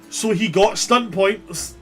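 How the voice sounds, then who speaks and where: A man running a tabletop game as game master, narrating the scene with lively, joking delivery. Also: mid-range voice. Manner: animated, laughs at his own jokes.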